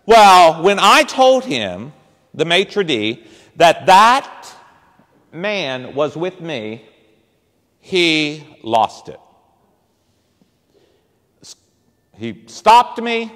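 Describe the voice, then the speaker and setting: A high-pitched male priest preaching with big swings in his voice and an unhurried pace. He tells his story like a performer, acting out voices and tossing punchy asides to the congregation. His voice rings through a reverberant church hall. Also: very animated, a bit bright. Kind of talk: storytelling sermon.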